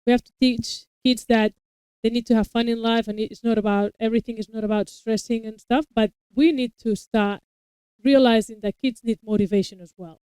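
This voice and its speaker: A woman in a relaxed chat, talking in long, winding explanations and restarting her sentences as she goes. Her voice is smooth and clear, recorded close and dry with no room sound. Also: fairly high pitch, brisk, no echo, poor audio. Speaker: co-host reacting to a TV episode; parent of young children. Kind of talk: casual chat.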